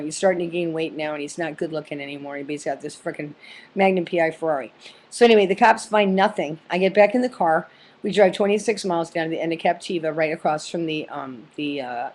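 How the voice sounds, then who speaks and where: A middle-aged woman telling a funny personal story in a rambling, profane way, full of fillers and restarts. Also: fairly low pitch.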